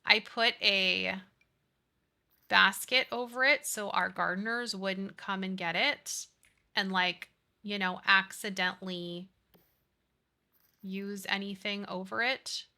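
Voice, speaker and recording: Excitable woman game streamer, super bright sharp voice, gushing baby talk and little gasps. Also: medium pitch, slow, creaky, pauses often. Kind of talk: casual live-stream chat while playing.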